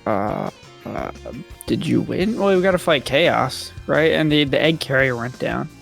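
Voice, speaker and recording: A man's voice: mid-range voice, expressive, unhurried, vocal fry, a bit bright. A man co-hosting a gaming show, chatting casually, laughing often and reacting with short remarks. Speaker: co-host playing a video game. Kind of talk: casual chat while gaming. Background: faint game music.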